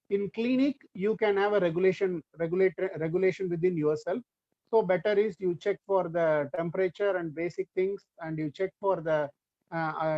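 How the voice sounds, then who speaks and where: Fast-talking Indian man lecturing online. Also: sits high, no echo. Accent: Indian English. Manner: fast, rambling, many fillers. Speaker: webinar speaker, physiotherapist. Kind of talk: lecture over a video call. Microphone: computer or headset mic on a video call. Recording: dull, lo-fi video call audio.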